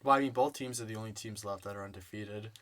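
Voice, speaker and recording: A man's voice: fairly low pitch, quick pace, fairly bright tone. A man co-hosting a casual sports podcast, hesitant and defensive, often restarting his sentences. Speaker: podcast co-host. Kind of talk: casual chat.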